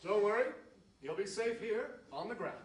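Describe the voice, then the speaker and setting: A man's voice: high-pitched, expressive, moderate pace, over a noisy crowd. Clark Kent, a man doing an aw-shucks polite hero. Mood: earnest. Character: mild-mannered earnest male reporter hero. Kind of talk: live stage comedy acting. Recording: noisy echoey hall from far off.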